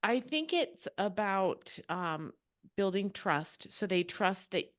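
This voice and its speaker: A middle-aged woman co-hosting a podcast, chatting in an animated way and sharing classroom stories. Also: mid-range voice, takes it slowly, no echo, studio quality. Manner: animated, laughs between stories. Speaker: podcast co-host. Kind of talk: casual podcast conversation.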